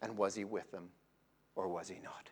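A man preaching a sermon in a dramatic way, swinging between loud emphasis and hushed, drawn-out phrases. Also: deep voice, fairly even intonation, gravelly, breathy edge.

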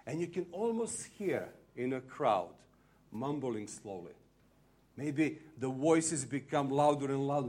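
A man preaching a sermon, retelling a story with lively acted-out crowd voices and slightly phrasing. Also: mid-range voice, slow. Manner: animated storytelling, acting out crowd voices, non-native phrasing.

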